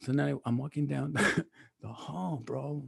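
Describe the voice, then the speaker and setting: Gravelly-voiced man spinning a yarn. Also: medium pitch, slow. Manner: animated, profane, peppered with dude and bro, slips into Spanish. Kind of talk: casual storytelling chat.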